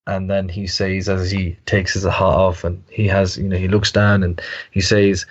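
A man's voice: lowish voice, fairly even intonation, moderate pace, muffled recording. A man telling a story in reflective conversation, hesitant and full of fillers and restarts.

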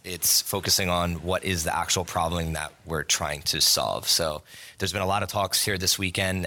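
Deep bright-toned panel moderator. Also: male voice. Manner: upbeat, thanks and introduces speakers.

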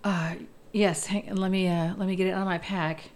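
A woman taking part as a player in a tabletop role-playing game, chatty and expressive. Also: fairly low pitch, moderate pace.

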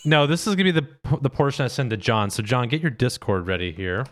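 A man's voice: medium pitch, animated, fast, slight background noise. A man hosting a casual podcast chat, joking around and laughing often. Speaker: podcast host.

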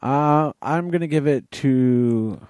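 Low mellow-voiced man musing. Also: slow, clean tone, dry recording. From Massachusetts. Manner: thoughtful, wondering aloud, dry humor. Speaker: podcast co-host. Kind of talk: casual movie podcast chat.

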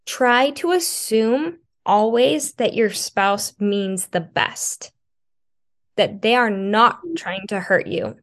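A woman's voice: medium pitch, slow. A woman marriage coach talking earnestly in a casual podcast conversation, often using filler "like" as she thinks. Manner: earnest, thoughtful, many filler "likes".

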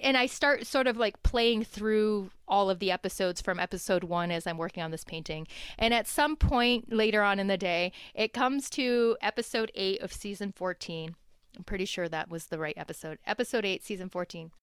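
Woman guest, lively storyteller, smooth clear voice, dry close sound. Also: mid-range voice, normal speed, no echo. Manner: animated, laughing storyteller. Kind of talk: casual storytelling. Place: home.

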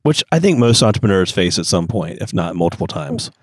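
Podcast host guy, lively up-and-down voice, dry sound, keeps it encouraging. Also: deep voice, dry recording. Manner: encouraging, quick reactions, laughs easily. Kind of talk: casual interview.

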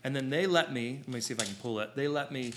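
Man in his thirties, mid-pitched, for an excitable storyteller who rambles and restarts. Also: quick pace, slight background noise. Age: 30s. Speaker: photographer telling his story. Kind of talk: animated personal storytelling to an audience.

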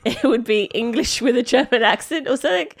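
A woman's voice: a little high, fast, creaky. A woman co-hosting a podcast in casual chat, often laughing while she explains things. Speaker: podcast co-host.

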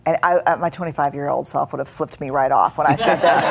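A woman's voice: sits low, fairly even intonation, a little fast, vocal fry, few pauses, a faint crowd. A middle-aged woman speaking earnestly as a guest in a live on-stage conversation, acting out inner voices as she goes. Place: stage before a live audience.

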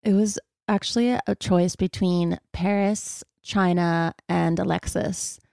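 A woman's voice: lowish voice, fairly even intonation, slow pace, vocal fry, a little mellow, no room sound, studio quality. A young woman in casual chat, answering with short reactions and frequent laughs.

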